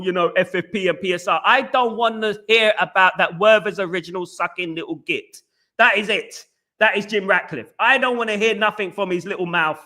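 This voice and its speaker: A man hosts a casual live fan stream and reads out viewers' comments. His voice sits high and sounds bright and cutting. He rants with exasperation and circles back over the same points. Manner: ranting, exasperated, repeats himself. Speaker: fan channel host reading live chat.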